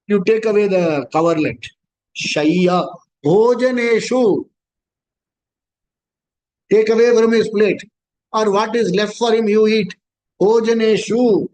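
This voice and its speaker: A middle-aged man with an Indian accent teaching scripture in a conversational way, slowly chanting Sanskrit verses between everyday examples. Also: high-pitched, a little mellow, low-quality recording. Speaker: spiritual teacher. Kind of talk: scripture class talk.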